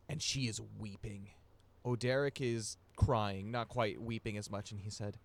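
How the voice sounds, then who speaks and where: A man running a tabletop game as game master, narrating scenes in a hesitant way with frequent pauses and restarts. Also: on the low side, fairly even intonation. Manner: hesitant, many fillers and restarts while describing.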